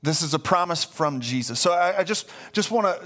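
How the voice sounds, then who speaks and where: The pastor's voice is on the high side and brisk as he preaches, pressing his points hard and repeating words in his excitement. The recording is a live church stream with soft music behind it.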